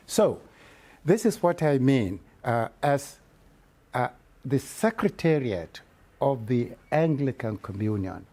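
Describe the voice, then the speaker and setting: Male church leader giving an earnest, unhurried report, with a warm, soft voice. He stumbles and restarts often. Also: medium pitch, animated. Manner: halting, with many repeated restarts. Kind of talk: spoken report to members.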